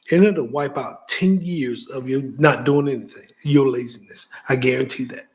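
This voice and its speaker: A man hosting a motivational talk show, speaking casually and directly to the listener, stammering and repeating himself as he gets excited. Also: medium pitch, normal speed, hardly any pauses. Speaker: host.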